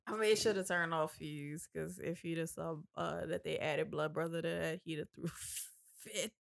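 A woman's voice: low-pitched, steady tone, moderate pace, vocal fry. A woman co-hosting a casual chat, telling stories animatedly with frequent laughter.

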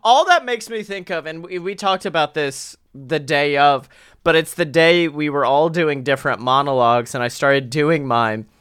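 A man in his twenties co-hosting a casual podcast chat, telling stories animatedly and jumping into loud, high acted quotes. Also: normal speed, clear, resonant tone, dry recording, studio quality. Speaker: podcast co-host.

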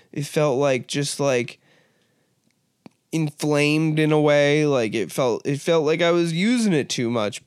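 Crude, rambling young man with a smooth voice. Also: fairly high pitch, dry recording, clean studio sound. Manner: crude, rambling mock-serious riffing. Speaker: podcast host. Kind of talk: comedic monologue.

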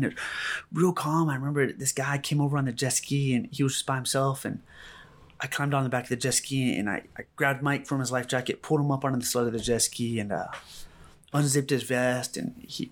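Speaking calmly in an interview, a man who works as a rescue medic describes what he experienced firsthand. He hesitates often, repeating himself and using many fillers, in a mid-range voice.

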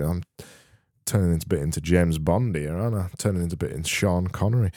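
A man's voice: low voice, fast, dark tone, faint music behind. A man hosting a comedy podcast, reading listener messages in a dry, rambling, self-mocking way. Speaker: podcast host.

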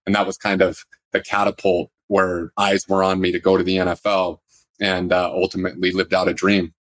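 A man with a very low voice that barely rises or falls tells his story as an interview guest. He stays steady and plainspoken. The sound is close and dry. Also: brisk, no echo. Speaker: podcast guest, former pro football player.

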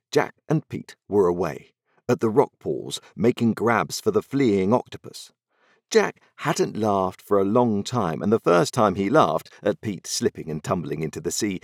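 A man narrating a story aloud in an expressive, dramatic storytelling manner. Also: on the low side, breathy edge, dry recording, clean studio sound.

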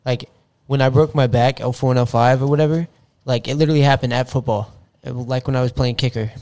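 A man's voice: medium pitch, quick pace. A young man telling sports stories in casual podcast talk, swearing a lot and acting out what people said. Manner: swears a lot, animated retelling with quoted voices. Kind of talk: casual storytelling.

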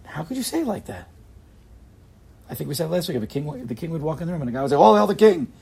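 Very husky, passionate man teaching faith. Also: fairly high pitch, very animated, very fast. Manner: passionate, emphatic, bursts into loud urging; talks straight to listeners with rhetorical questions. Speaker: Torah teacher giving a class. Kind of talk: lively class on faith to a group.

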